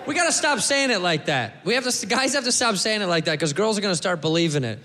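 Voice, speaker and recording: A man doing a stand-up comedy set, loud and brash, acting out the voices of people in his bits. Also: high-pitched, lively intonation, fast talker, in a large hall, background noise.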